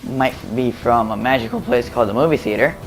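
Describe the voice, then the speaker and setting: A man's voice: mid-range voice, a little fast, soft background music. A man giving casual, rambling voice-over commentary on gameplay footage, full of fillers and restarts, recorded at home.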